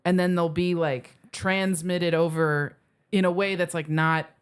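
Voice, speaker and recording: Smooth-voiced woman telling a rambling story. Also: fairly low pitch, steady tone, a little slow. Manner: rambling anecdote full of "like" and "um" fillers. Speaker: comedian guest. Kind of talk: casual storytelling on a podcast.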